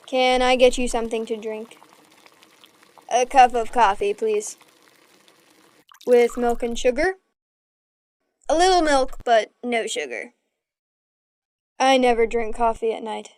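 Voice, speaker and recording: Slow, high-voiced woman reading English dialogues. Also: darkish tone. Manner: slow, clear, evenly paced reading of both parts in short dialogues. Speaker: English teacher. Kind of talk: reading dialogues for listen-and-repeat practice.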